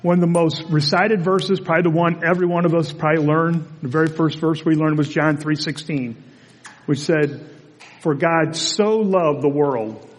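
A man preaching a conversational sermon as pastor, in a relaxed and chatty storytelling manner, in a church sanctuary. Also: fairly high pitch, moderate pace, in a large hall.

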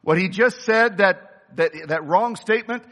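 A man preaching a sermon with impassioned delivery, rising to shouts at the high points. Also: a little slow. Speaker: pastor. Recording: long reverb of a large hall.

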